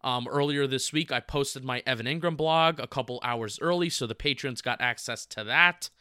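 A man from the United States co-hosting a podcast, chatting casually and reading a sponsor plug with quick, jokey energy. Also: mid-range voice, sharp tone, smooth, no echo, clean studio sound. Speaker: podcast co-host.

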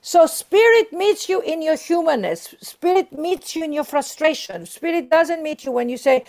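Creaky-voiced woman speaking earnestly. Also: sits high, animated, unhurried, few pauses, darkish tone. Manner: earnest, emphatic, acts out inner voices. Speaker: guest author and speaker. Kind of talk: warm spiritual interview talk.

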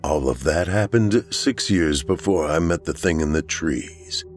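A man with a very low voice reads a first-person horror tale in a somber, measured way. His pitch swings widely as he tells it. Soft music plays faintly underneath. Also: animated. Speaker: horror story narrator. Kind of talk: scripted horror narration.

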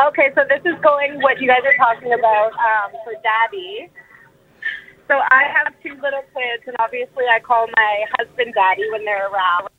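A woman's voice: on the high side, moderate pace. Woman caller on a tinny phone line. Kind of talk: call-in story.

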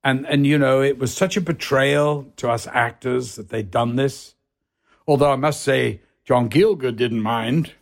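A man telling a colorful anecdote as an interview guest, theatrical and animated, acting out other people's voices and swearing freely. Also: mid-range voice, unhurried, gravelly. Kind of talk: anecdotal storytelling.

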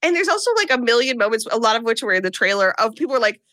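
A woman with a bright, forceful, fairly high voice recaps a film for a podcast, in casual, comic talk. She tells it with energy and slips into playful put-on voices for the characters. The sound is dry and close. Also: racing, dry recording. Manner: animated storytelling, acts out characters' lines in put-on voices. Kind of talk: casual comedic movie recap.

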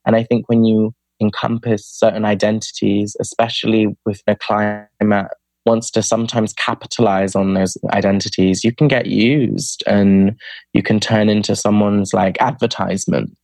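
A young adult spoken word poet guests on a podcast, casually telling stories, peppering them with "like," and acting out friends he quotes. The voice sits low with a flat, slightly mellow delivery at normal speed, and there's no echo.

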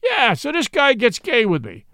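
Give me a man doing a brash, blustering saloon keeper with a high, lively voice. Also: normal speed, dry recording, studio quality, heavily acted. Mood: aggrieved. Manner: blustering, indignant, colloquial.

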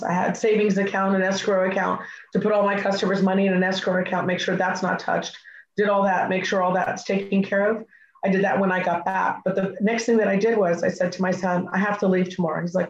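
A middle-aged woman speaking as a guest, telling a personal story in an animated way and acting out her own side of past conversations. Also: mid-range voice, a little fast. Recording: echoey, slightly muffled recording.

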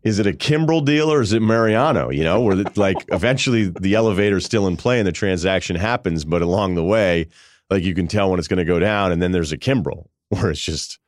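Low-voiced man rambling with amused laughs. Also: a little fast, no echo, clean studio sound. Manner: rambling, self-amused storytelling with frequent laughs. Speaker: podcast host. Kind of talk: casual comedic monologue.

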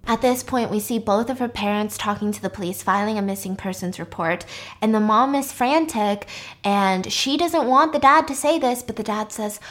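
A woman casually retelling a TV plot, animated and profane, acting out the characters' lines as she goes. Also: mid-range voice, normal speed. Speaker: show recapper. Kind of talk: casual storytelling recap.

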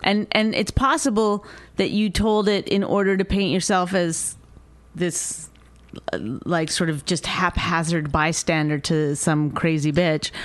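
Woman, co-host, pointed and measured, smooth voice, dry mic. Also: on the low side, steady tone, no room sound. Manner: measured and pointed, often trails off. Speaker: co-host, the host's wife. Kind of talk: casual couple argument on a podcast.

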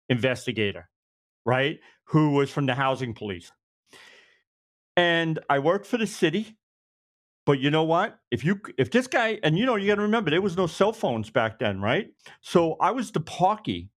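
A man, a retired police officer telling lively stories and acting out the lines of the people in them. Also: fairly high pitch. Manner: animated, acts out others' lines in quotes. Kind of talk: anecdotal storytelling.

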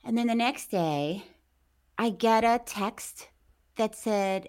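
A woman's voice: mid-range voice, normal speed, clean tone. A woman co-hosting a podcast, telling stories in casual chat and laughing often. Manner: animated storytelling, laughs often. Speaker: podcast co-host.

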